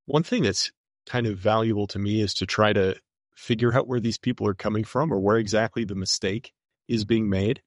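A man's voice: on the low side, fairly quick, no echo, clean studio sound. A man appearing as a guest on a talk show, speaking earnestly and casually, often hedging with "kind of".

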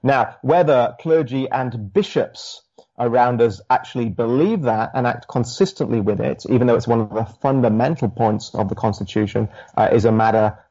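A middle-aged man speaks with a British accent worn soft by long years in Australia. He is a minister answering questions in an interview, halting and thoughtful, full of ums and restarts. His voice sits at a middle pitch, and the audio is dull and lo-fi. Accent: British, softened by years in Australia. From United Kingdom. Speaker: Anglican minister, guest.

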